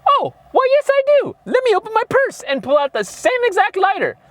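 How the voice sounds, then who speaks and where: A man putting on a mocking falsetto for a prim, overly polite woman character. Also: huge pitch swings, brisk, fairly bright tone, no room sound, exaggerated voice. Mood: mock-sweet. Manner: mocking falsetto, sing-song.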